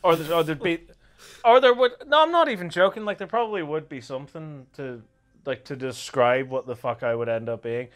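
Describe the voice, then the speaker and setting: A young Irish man hosting a casual, crude commentary chat, animated and laughing often. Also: on the high side, brisk, soft background music. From Ireland. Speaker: commentary host.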